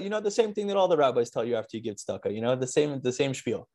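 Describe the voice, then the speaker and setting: A man telling a personal story on a video call in a lively storytelling manner, with frequent restarts and Yiddish words. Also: medium pitch, rapid-fire, few pauses. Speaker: speaker at an online charity talk. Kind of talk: storytelling talk.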